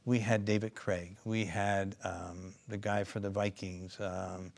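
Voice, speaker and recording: A man's voice: deep voice, level tone, a little slow, gravelly. Rambling man telling stories in an interview. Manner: rambling, many asides and restarts. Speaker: company co-founder and clinician. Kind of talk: interview storytelling.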